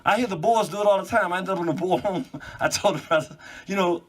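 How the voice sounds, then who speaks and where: A man giving an animated monologue, quick in bursts and laughing as he talks. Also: high-pitched.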